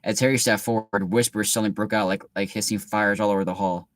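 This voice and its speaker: A young man reads a storybook aloud, then drifts into laid-back chatty asides full of filler words. His voice sits on the low side. The recording is close and dry. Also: steady tone, quick pace, no room sound. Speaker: reader. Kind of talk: reading aloud with casual commentary.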